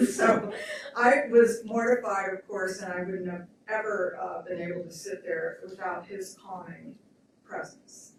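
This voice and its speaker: A woman shares fond stories at a memorial, chatty and quick to laugh. Her voice is close to tears at moments. It comes from some way off the mic in a very echoey hall. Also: mid-range voice, fairly even intonation, recorded from a distance, slight background noise. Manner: chatty, laughing, emotional storytelling. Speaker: memorial speaker. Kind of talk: spoken remembrance at a memorial event.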